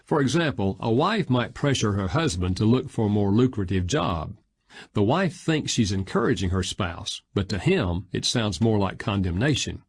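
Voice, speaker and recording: Man, low husky voice, lively pitch, measured audiobook narration.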